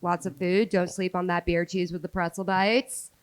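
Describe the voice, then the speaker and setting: A woman server with a somewhat low voice joins a casual chat. She sounds upbeat and laughs lightly between her lines. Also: level tone, moderate pace, clean tone.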